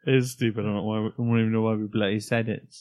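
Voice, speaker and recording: A man's voice: on the low side, little pitch movement, quick pace, darkish tone, no echo. A Scottish man co-hosting a podcast, joking around in casual banter and slipping into silly voices. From Scotland. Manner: playful, slips into silly put-on voices. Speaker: podcast co-host.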